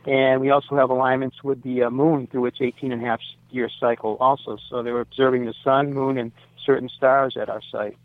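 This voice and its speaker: A man's voice: medium pitch, flat delivery, a little fast, few pauses, no room sound. Older man rambling over a phone line. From United States. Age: 60s. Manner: rambling, self-correcting, many fillers. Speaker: site owner, interview guest. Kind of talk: radio interview. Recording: dry phone-line sound.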